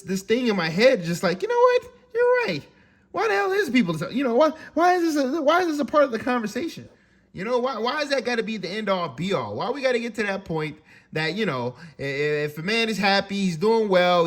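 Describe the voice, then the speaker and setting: A man with a high voice delivers a casual, profane rant. He talks animatedly and stammers through restarts, repeating words as he builds up steam. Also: fairly bright tone. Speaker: commentator. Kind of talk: casual ranting monologue.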